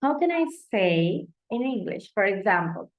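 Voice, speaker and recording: A woman with a Spanish accent, a native Spanish speaker, teaching classroom English phrases slowly and patiently, acting out example lines. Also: medium pitch. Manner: slow, patient explaining with lively acted example phrases. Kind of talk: vocabulary lesson over slides. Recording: dull lo-fi audio.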